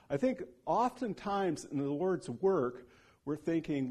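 Man preaching an animated sermon. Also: a little slow. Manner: animated storyteller who acts out quoted speech; drops to a hushed, low voice for solemn points.

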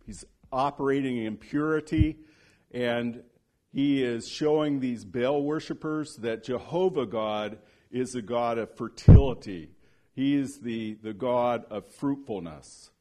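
A man preaching a sermon in a mid-pitched voice. He tells the story with energy and acts out the quoted speech. On solemn points he drops to a hushed, low voice. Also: slow.

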